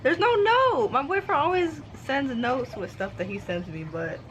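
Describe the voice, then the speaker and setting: A woman's voice: high-pitched, lively intonation, normal speed, fairly bright tone, dull audio, a little hiss or hum. A young woman chatting casually to her camera in a car, gushing and emotional. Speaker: book vlogger. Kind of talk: casual vlog chat. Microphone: handheld camera.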